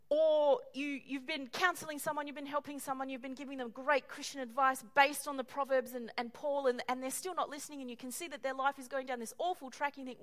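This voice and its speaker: A woman delivers a sermon in a high, bright-sounding voice. She preaches with animation, slipping into little acted-out voices and joking asides. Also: moderate pace. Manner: animated, acts out quoted voices with humorous asides.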